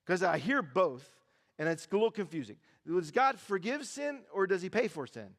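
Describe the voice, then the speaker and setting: A male pastor preaching a sermon in a church, lively and joking, repeating phrases for emphasis. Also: high-pitched, moderate pace. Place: large church auditorium. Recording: reverberant church hall.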